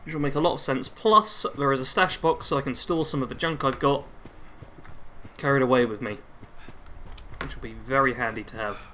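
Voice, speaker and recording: A man's voice: mid-range voice, brisk, long pauses, bright, forceful tone, slight background noise. A young man live streaming a game on a headset mic, chatting constantly and reading chat aloud.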